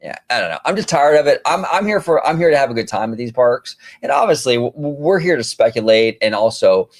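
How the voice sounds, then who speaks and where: Male host, casual chat, exasperated and animated, very lively pitch. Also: fast. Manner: animated, exasperated ranting with fillers. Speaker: podcast host.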